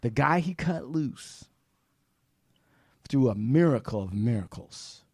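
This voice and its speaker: A man telling a story on a casual podcast, swearing freely and shouting parts of it out. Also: medium pitch, takes it slowly, slightly rough, dry recording, studio quality. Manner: animated, profane storytelling with shouted re-enactments. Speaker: podcast guest, film director.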